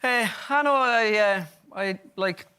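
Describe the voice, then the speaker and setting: A man's voice: high-pitched, slow pace, clear, resonant tone. A man with an Irish accent, a comedian guest telling chatty, rambling, self-mocking stories on a talk show. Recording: loud studio audience laughter behind.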